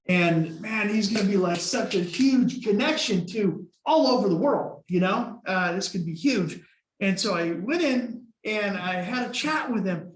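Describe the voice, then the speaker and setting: A man's voice: high-pitched, expressive, a little slow, echoey room. A man giving a casual motivational talk to his team, telling stories and acting out his own past thoughts. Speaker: team leader.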